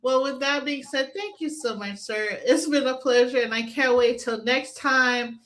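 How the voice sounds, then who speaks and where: A woman's voice: high voice, normal speed, a bit bright. A woman hosting a casual interview, laughing constantly. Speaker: show host.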